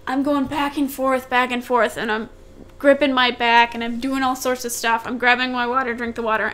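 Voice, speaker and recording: A young woman with a high, light voice tells a long, rambling story on a casual podcast. She circles back on her own words and acts out what everyone said. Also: steady tone, normal speed, a bit bright. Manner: rambling, repeats herself, acts out quotes. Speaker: podcast co-host.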